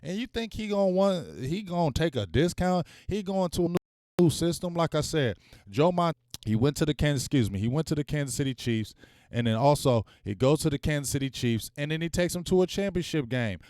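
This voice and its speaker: A man's voice: fairly high pitch, a little fast, no echo, clean studio sound. A man hosting a live-streamed sports talk show, speaking in casual slang and calling out to his viewers. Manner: animated, talks straight to viewers, casual slang.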